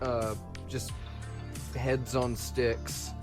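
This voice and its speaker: A man's voice: medium pitch, little pitch movement, drawn-out words, soft background music. A man co-hosting a casual comedy podcast, telling a long rambling story and slipping into silly voices. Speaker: podcast co-host.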